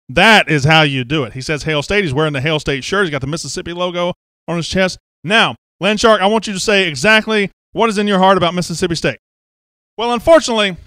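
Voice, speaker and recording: Man, show host, teasing, rambling, smooth voice, dry close sound. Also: high-pitched, fairly bright tone, dry recording. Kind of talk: casual show chat. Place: studio office.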